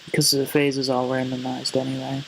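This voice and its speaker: A man giving a casual music production tutorial, relaxed and hesitant, often correcting himself as he goes. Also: medium pitch, a little fast, vocal fry, heavy background noise. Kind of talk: casual screen-recorded tutorial. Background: faint synth sounds.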